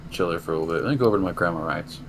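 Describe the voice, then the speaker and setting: Rapid-fire delivery marks this young man's rambling story, told in a very low voice as co-host of a casual podcast. Profanity comes easily to him, and constant noise runs under the recording.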